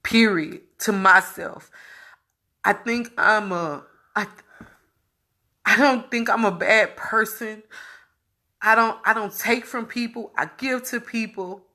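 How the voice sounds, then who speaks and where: A woman speaking a raw personal testimony, repeating herself and breaking between tears, laughter and shouts of frustration. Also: mid-range voice, slow pace, long pauses. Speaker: vlogger sharing her illness story.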